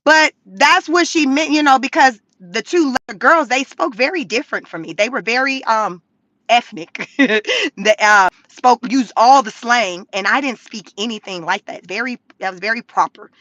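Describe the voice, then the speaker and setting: A middle-aged woman from California telling a story casually to her viewers, animated, laughing often and swearing freely. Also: a little high, moderate pace, dry recording. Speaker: vlogger.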